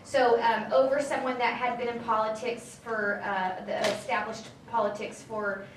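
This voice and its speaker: A woman's voice: on the high side, flat delivery, normal speed. Chatty woman speaking in an echoey room. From California, Central Valley. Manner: chatty storytelling with many fillers and asides. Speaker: state assembly member giving a talk. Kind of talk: informal speech to a political group. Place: meeting room at a local political gathering. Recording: echoey room, distant, faint background noise.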